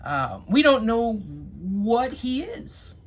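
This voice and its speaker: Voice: medium pitch, very animated, very slow, slightly rough. A TV reviewer chatting casually through an episode, with sarcastic asides and rambling restarts.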